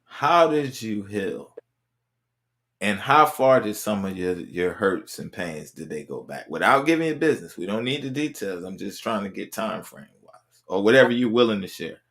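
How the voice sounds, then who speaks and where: A man's voice: fairly low pitch, lively intonation, normal speed, a bit bright. A man hosting a podcast interview, talking casually and encouragingly, with lots of repeated phrases. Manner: encouraging, repeats affirmations like "right". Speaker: podcast host.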